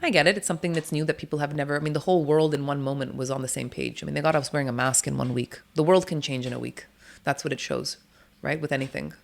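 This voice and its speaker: A woman doula speaking as an interview guest, outspoken and blunt, swearing casually and laughing often as she talks. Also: low voice. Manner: animated, laughs often between points.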